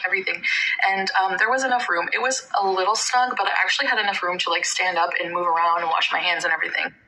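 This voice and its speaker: A woman's voice: medium pitch, bright, forceful tone, slight background noise, rough recording. A woman telling a travel story in a casual vlog, rambling with many fillers and restarts. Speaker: vlogger.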